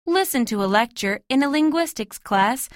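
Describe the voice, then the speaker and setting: Female test announcer, slightly high voice, formal crisp reads, dry booth sound. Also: lively intonation, moderate pace, no room sound. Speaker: test narrator. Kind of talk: scripted test instructions.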